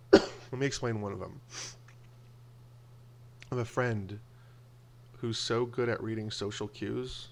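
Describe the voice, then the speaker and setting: Gravelly man telling casual stories. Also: on the low side, slow pace, long pauses, a little hiss or hum. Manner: animated, acts out quoted voices. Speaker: video blogger. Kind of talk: casual storytelling monologue.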